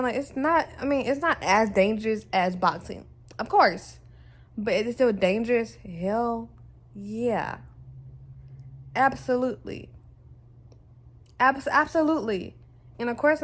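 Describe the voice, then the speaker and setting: A woman from the United States talking at home in a casual opinion vlog, emphatic and blunt, swearing freely and rambling with lots of fillers. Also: medium pitch. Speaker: vlogger.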